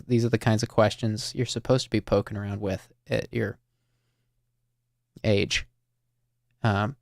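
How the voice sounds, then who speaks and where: A man hosting a call-in listening show, talking slowly and thoughtfully to a caller with many fillers and restarts. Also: lowish voice, smooth, no room sound, clean studio sound. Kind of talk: reflective, gentle conversation with a caller.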